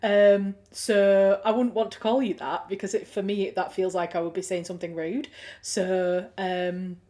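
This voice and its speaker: A woman with a Yorkshire accent hosts a relaxed livestream, chatting to viewers in an easy, friendly way. She thinks aloud, restarting sentences and filling gaps with ums. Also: mid-range voice, unhurried. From Yorkshire, England. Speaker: livestream host. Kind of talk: casual chat reading viewer comments.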